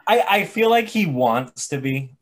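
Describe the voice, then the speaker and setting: A man's voice: a little high, big pitch swings, measured pace, fairly bright tone. A man hosting a casual podcast, teasing his friends and asking questions with frequent laughs. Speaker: podcast host. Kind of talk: casual chat.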